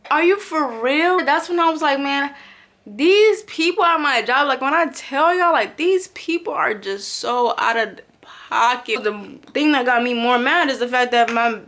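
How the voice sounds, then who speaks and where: Animated young woman telling a work story. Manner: animated, acts out quotes with big pitch jumps. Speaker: vlogger. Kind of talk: casual storytelling.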